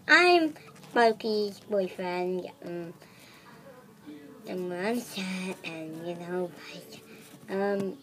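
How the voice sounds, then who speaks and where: A woman voicing a shy young male toy pet who talks in a hesitant, mumbling way with lots of pauses. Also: mid-range voice, fairly bright tone, voice pushed down.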